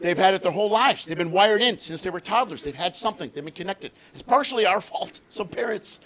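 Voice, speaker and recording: High-energy stand-up comedian, a man. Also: lively intonation, brisk. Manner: high-energy, shouting punchlines, acting out other people. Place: theater stage before a laughing audience.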